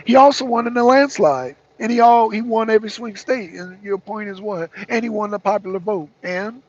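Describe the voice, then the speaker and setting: A man's voice: sits high, fairly quick, highs cut off. A man co-hosting a talk show, giving heated political commentary in an emphatic, repetitive way with mocking asides. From United States.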